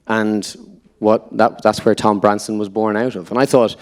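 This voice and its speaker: An Irish man speaks at a live on-stage Q&A, his voice sitting fairly low. He tells stories with energy and slips into quoted lines as he goes. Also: normal speed. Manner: lively anecdotal storyteller, quotes others in voices. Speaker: actor guest on a panel. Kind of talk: on-stage Q&A storytelling. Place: live event venue before an audience.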